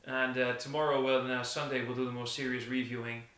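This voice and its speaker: A man's voice: mid-range voice, little pitch movement, a little fast, fairly bright tone. A man joining a casual beer review as a guest, trading teasing, dry banter with the host. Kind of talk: casual chat. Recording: roomy echo.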